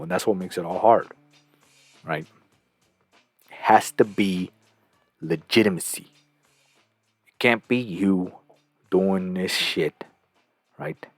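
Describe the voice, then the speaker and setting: A man hosting a reaction video, talking in a rambling, profane way with frequent chuckles. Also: low-pitched. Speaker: host reacting to a clip. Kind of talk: casual commentary.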